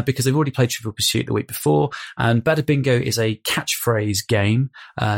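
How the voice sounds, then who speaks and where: Man, podcast co-host, gravelly voice, wry deadpan delivery. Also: fairly low pitch. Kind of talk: casual chat.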